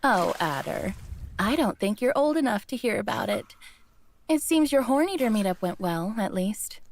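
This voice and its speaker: A woman's voice: medium pitch, sing-song, moderate pace, a little hiss or hum. A woman voicing a coy, manipulative woman who talks down to others with a magic voice. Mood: teasing. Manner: coy, purring, condescending. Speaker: voice actor reading a character.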